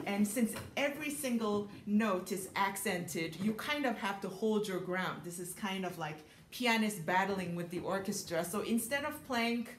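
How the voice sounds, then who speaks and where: A woman's voice: mid-range voice, animated, normal speed, few pauses, a little hiss or hum. A woman concert pianist teaching a piano lesson, thoughtful and full of small ums, sometimes singing rhythms. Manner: thoughtful, many ums, sings rhythms aloud. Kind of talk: piano masterclass explanation. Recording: roomy echo with piano playing.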